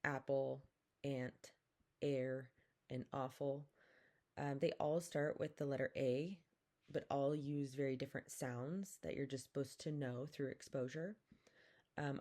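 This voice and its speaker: A woman teaching a language lesson, saying each vowel slowly and repeating words for the listener to copy. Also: very deep voice, mellow. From Pacific Northwest, Coast Salish community. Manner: slow and careful, repeats each sound, drawn-out demonstrations. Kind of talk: slow, patient vowel lesson with call-and-repeat.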